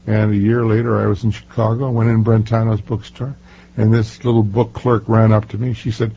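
A man's voice: fairly low pitch, flat delivery, a little fast, warm tone, slightly rough. An older man, an author being interviewed, telling stories emphatically with many fillers and restarts. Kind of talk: casual interview talk. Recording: muffled lo-fi recording.

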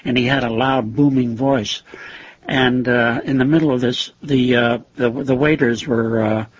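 An older man, a former teacher, recalling old acquaintances in an interview, halting with fillers and soft chuckles. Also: mid-range voice, steady tone, slight background noise. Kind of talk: reminiscing interview. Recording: dull lo-fi recording.

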